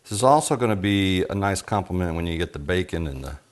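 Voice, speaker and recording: Deep, expressive, and fast, this man's voice comes through on poor audio. He's a Texan demonstrating a recipe in his home kitchen, chatting folksily and joking while bacon sizzles and fries.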